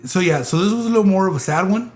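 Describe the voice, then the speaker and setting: A man co-hosting a casual podcast, with a voice that sits a bit high. He talks hesitantly and fills his pauses with ums and uhs. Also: animated, a little mellow. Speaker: podcast co-host.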